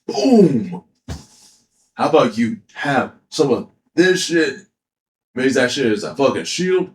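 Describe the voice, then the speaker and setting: Animated, profane man in an echoey room. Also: medium pitch, measured pace, slight background noise. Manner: animated, profane, laughing storytelling. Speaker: anime commentator. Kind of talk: casual rant retelling an anime.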